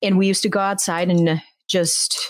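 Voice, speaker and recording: A woman in her thirties, a podcast host, telling a story in lively casual chat and laughing often. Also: on the low side, normal speed, no room sound.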